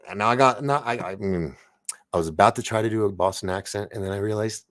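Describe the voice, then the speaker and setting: A man's voice: on the low side, quick pace. A man hosting a live online show, chatting casually, reading viewer comments, and rambling with frequent restarts and laughs. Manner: rambling, self-interrupting, laughs often. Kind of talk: casual live-stream chat.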